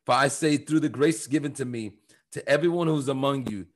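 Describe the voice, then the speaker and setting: A man co-hosting a church podcast, talking through Bible verses in an emphatic, animated preaching manner. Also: medium pitch, brisk. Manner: emphatic, animated, quotes scripture with rising fervor. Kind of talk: preaching conversational Bible talk.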